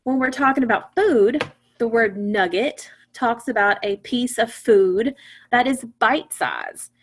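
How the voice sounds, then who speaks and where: A woman teaching a phonics lesson to young children, patient and encouraging, sounding out words slowly. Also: a little high.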